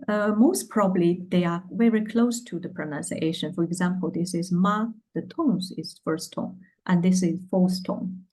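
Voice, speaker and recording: Woman, Chinese accent, Mandarin teacher, lowish husky voice, hesitant casual explaining. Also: darkish tone, rough recording. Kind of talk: casual online language lesson.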